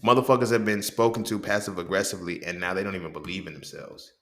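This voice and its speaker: A host speaks quickly in a low, slightly bright voice with fairly even intonation. His casual monologue is blunt and profane, punctuated by repeated checks of "you feel what I'm saying?", and the recording has a roomy echo.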